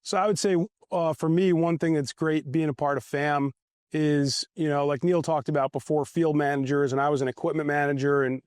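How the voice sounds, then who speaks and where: A man's voice: fairly high pitch, darkish tone, no room sound, clean studio sound. A man, a former football equipment manager, telling rambling, self-amused anecdotes in a casual interview. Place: outdoors at a golf event.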